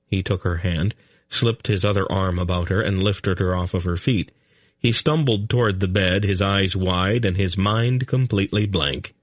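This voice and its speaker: A man's voice: deep voice, steady tone, normal speed, a bit bright, dry recording. A man narrating an audiobook in a dry, comic storytelling manner.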